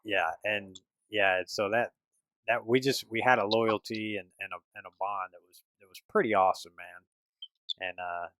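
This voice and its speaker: A man's voice: lowish voice, steady tone, normal speed, pushed and bright, no room sound, low-quality recording. A middle-aged man hosting a podcast, casual and loose, with many restarts and slang. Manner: loose, laid-back with many restarts and "dude". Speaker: podcast host. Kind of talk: casual chat.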